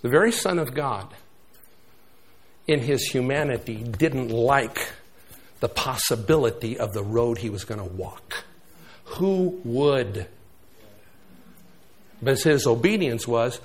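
A man in his sixties preaching a sermon, swinging between loud emphatic bursts and hushed asides. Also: medium pitch, lively intonation, moderate pace, long pauses.

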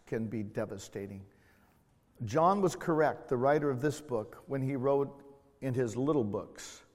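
A middle-aged man preaching a sermon in a church, slow and emotional, swelling loud then dropping to quiet tones. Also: medium pitch, in a large hall. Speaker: pastor. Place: church sanctuary.

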